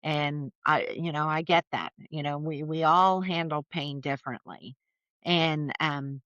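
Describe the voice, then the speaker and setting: A middle-aged woman, a podcast guest, telling family stories in a chatty, animated way with lots of fillers. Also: low-pitched, a little slow, no room sound, highs cut off. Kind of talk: casual storytelling conversation.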